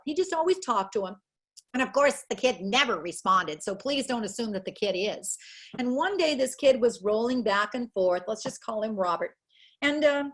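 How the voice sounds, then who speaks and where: A woman psychologist giving an earnest, emotional webinar talk over a video call, acting out the people in her stories. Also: fairly high pitch. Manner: earnest, emotional, acts out quotes. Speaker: guest speaker, educational psychologist.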